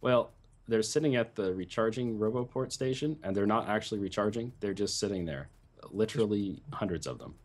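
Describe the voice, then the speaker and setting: A man hosting a multiplayer game session, chatting casually and telling stories in a rambling, animated way. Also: on the low side, fairly quick, few pauses. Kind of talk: casual gaming chat.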